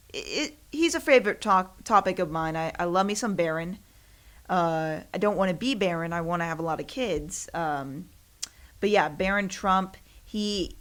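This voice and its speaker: A woman's voice: medium pitch, a bit bright. A young woman hosting her own podcast, chatting casually in a rambling, self-deprecating way with frequent laughs. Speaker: podcast host. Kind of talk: casual solo chat.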